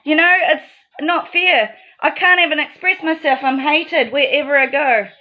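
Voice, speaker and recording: A woman's voice: high-pitched, normal speed, dull audio. A woman delivering an aggrieved, accusatory monologue straight to the viewer. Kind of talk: emotional monologue to camera.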